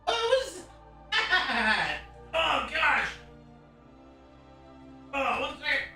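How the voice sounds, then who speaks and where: Excitable live streamer, swears freely, bright, animated voice. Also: high voice, drawn-out words, pauses often, faint music behind. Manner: excitable, swears and laughs often.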